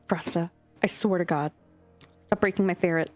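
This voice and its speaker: A woman's voice: lowish voice, steady tone, normal speed. A young adult woman streamer chatting casually and scatteredly with her chat, swearing now and then. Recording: faint music behind.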